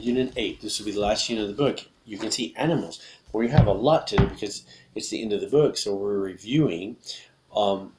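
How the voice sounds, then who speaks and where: A fairly low-voiced man leads an English lesson to camera, repeating each word slowly while he shows its gesture. He sounds upbeat and patient. A faint hiss sits under the recording. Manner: upbeat, repetitive, demonstrating words slowly. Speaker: English teacher. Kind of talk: video lesson teaching gestures to learners.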